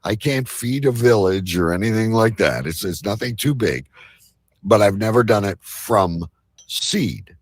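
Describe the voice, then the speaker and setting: A man's voice: fairly low pitch, measured pace, no room sound, studio quality. A man co-hosting a casual live-stream chat show, rambling, joking and swearing casually. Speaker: co-host.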